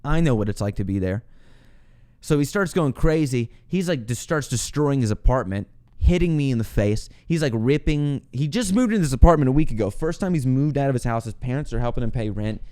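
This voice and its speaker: A young man hosting his own podcast, telling a story in a casual, animated way, swearing, laughing and acting out what people said. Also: mid-range voice, a little fast. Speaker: podcast host.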